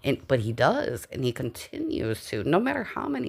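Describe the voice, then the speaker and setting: A woman's voice: extremely low pitch, moderate pace, creaky, husky. A young adult woman recording a casual voiceover at home, talking candidly with lots of swearing and stopping now and then to catch her breath. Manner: candid, profane, rambling and animated. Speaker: vlogger. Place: dark living room at home. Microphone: home voiceover mic.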